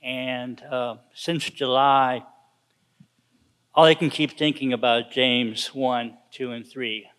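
A man from the congregation, hesitant and wry, giving a church testimony with lots of pauses. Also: mid-range voice, fairly even intonation, fairly bright tone, smooth. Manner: hesitant, many ums, wry laughter. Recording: reverberant church sanctuary.

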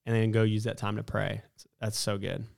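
A man's voice: lowish voice, flat delivery, moderate pace, creaky, a little mellow. A man co-hosting a church podcast, talking in an earnest, encouraging way about spiritual practices. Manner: earnest, encouraging, reads a quote aloud. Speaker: podcast co-host. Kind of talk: casual church podcast discussion.

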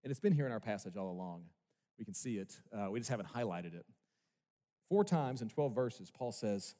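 A man's voice: medium pitch, animated, normal speed, mellow. A male pastor preaching a sermon with emphasis, asking his congregation rhetorical questions. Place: church sanctuary. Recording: long reverb of a large hall.

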